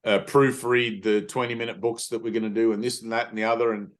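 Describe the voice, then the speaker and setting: A man leading a satsang, telling personal stories in a casual, animated way. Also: mid-range voice, fast. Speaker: spiritual teacher. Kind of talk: satsang talk.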